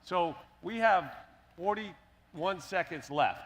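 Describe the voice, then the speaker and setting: A man's voice: sits high, expressive, slow pace, a crowd in the background. A man speaking earnestly and persuasively on a conference panel. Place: conference stage.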